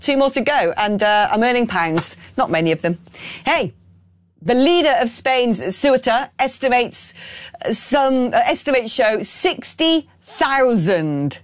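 A woman's voice: mid-range voice, no echo. A woman hosting a political talk radio show, opinionated and blunt, reading out listener messages with frequent ums and restarts.

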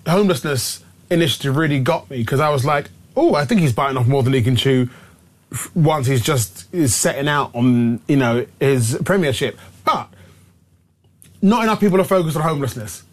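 Studio guest, male commentator, earnest rambling delivery, voice sits slightly high. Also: lively intonation, brisk. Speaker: political commentator. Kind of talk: radio studio guest discussion.

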